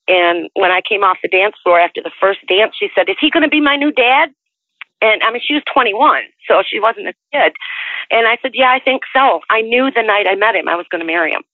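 A woman in her sixties tells her life story over the telephone, chatty and rambling and often restarting her sentences. Her voice comes through a tinny, narrow phone line with a dry, close sound and no room echo. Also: mid-range voice. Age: 60s. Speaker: interviewee.

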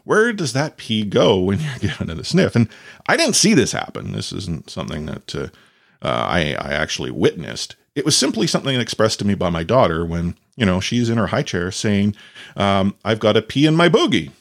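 A man's voice: fairly low pitch, moderate pace, creaky. A man in his thirties, a father and podcast host, telling a rambling story in a casual monologue, with restarts and quotes acted out. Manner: rambling, animated, acts out quotes with many restarts.

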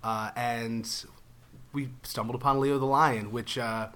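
A man with a bright, sharp-edged voice chats as a podcast guest. He rambles in a loose, self-deprecating way and often laughs while he talks. His voice sits at a middle pitch. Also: fairly even intonation, measured pace. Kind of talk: casual podcast chat.

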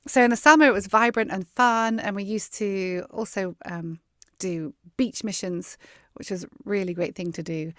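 A woman's voice: mid-range voice, no echo, clean studio sound. A woman in her fifties with a southern English Dorset accent, a podcast guest chatting cheerfully and laughing often. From south coast of England. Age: 50s. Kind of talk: casual interview chat.

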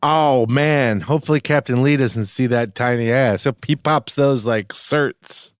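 A man's voice: mid-range voice, measured pace, no room sound. A young man co-hosting a casual podcast, teasing his co-host with dry jokes and casual swearing. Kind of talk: casual chat.

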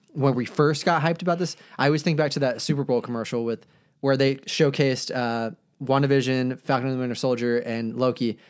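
A man's voice: medium pitch, clean tone. A man hosting a podcast in casual chat, rambling and enthusiastic, with lots of fillers and restarts. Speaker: podcast host.

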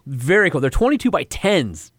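A man's voice: a little high, sing-song, normal speed, a bit bright, slightly rough, no echo, studio quality. A male co-host and car journalist, chatting casually and rattling off technical numbers with enthusiasm. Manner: enthusiastic about technical specs, recites numbers. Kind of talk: casual chat.

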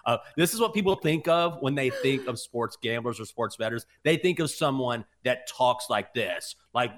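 A man's voice: mid-range voice, normal speed. A man co-hosting a sports betting podcast, chatting casually and telling stories with mocking voices. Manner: animated storyteller, mocking voices.

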